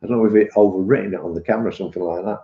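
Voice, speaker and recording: A man's voice: low-pitched, very fast, creaky. A middle-aged British man chatting casually on a live stream, rambling and calling viewers "mate". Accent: British English. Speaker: vape reviewer and live streamer. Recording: muffled, echoey room.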